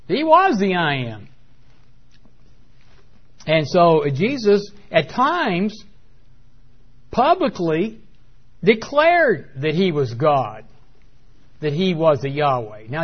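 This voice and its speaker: Preacher, male, slightly high voice, halting delivery full of fillers, lo-fi audio. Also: wildly swooping pitch, slightly rough. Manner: hesitant with many fillers, emphatic on key words. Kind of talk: Bible teaching sermon.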